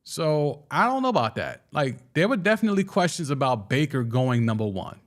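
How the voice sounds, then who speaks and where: A young man hosting a casual sports talk show, excitedly giving his takes and answering viewer comments, often restarting and stumbling over his words. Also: mid-range voice, a little fast. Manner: excitable, with frequent restarts and stammers. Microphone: studio microphone.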